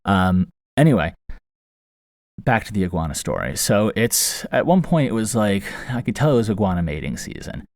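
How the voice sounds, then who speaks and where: A man's voice: fairly low pitch, big pitch swings, brisk, hardly any pauses, darkish tone, no echo. A man hosting a podcast, telling a funny story casually with fillers and restarts, recorded close in a small foam-lined box. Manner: rambling, amused, many fillers and restarts. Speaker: podcast host. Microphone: close studio mic inside the box. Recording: very dry, close booth sound.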